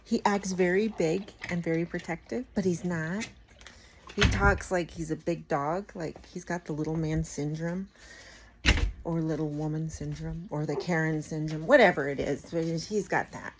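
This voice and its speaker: A woman's voice: deep voice, fairly even intonation, moderate pace, a little hiss or hum, low-quality recording. A middle-aged woman chatting casually at home in a morning vlog, rambling and laughing often. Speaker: vlogger.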